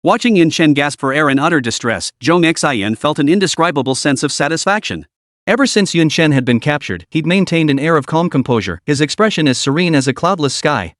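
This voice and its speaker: A man narrates a dramatic story with a lively, animated pitch. His voice sits a little high. The recording is dry and close. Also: dry recording.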